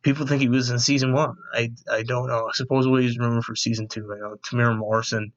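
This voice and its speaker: A man's voice: mid-range voice, level tone, quick pace, highs cut off. A man giving a casual, enthusiastic episode review into a desk microphone, rambling with lots of fillers and quoted asides. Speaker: movie review vlogger.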